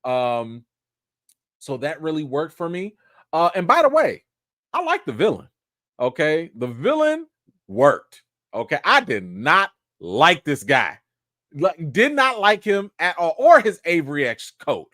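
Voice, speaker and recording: A man of Haitian background hosting a casual livestream review, talking to viewers in a playful, animated way. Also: mid-range voice, slow, no echo, clean studio sound. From Haitian family. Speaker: host.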